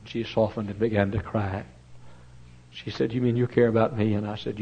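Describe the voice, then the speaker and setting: An older man preaching a sermon, swinging from loud impassioned cries to hushed, tender storytelling. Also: fairly low pitch, flat delivery, normal speed, husky. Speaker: pastor. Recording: dull lo-fi sermon recording.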